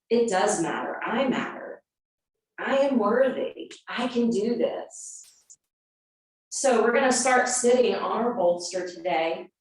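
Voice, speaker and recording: A woman yoga teacher telling a personal story in an earnest, animated way, then leading a class into a seated stretch. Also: on the low side. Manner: earnest and animated, acting out quotes. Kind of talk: storytelling and guided yoga instruction. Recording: very echoey room, voice from a distance.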